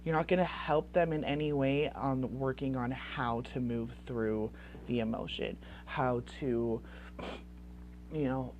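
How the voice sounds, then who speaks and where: A woman's voice: a bass voice, steady tone, unhurried, highs cut off, slight background noise. A woman coaching parents in casual advice talk, chatty and full of "like" fillers. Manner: chatty, heavy use of "like" fillers.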